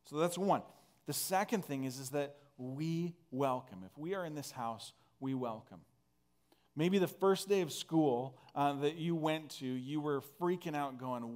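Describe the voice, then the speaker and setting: A man's voice: a little high, a little slow, darkish tone. A man from northern Canada preaching a conversational sermon, earnest and full of restarts. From northern Alberta, Canada. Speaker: pastor.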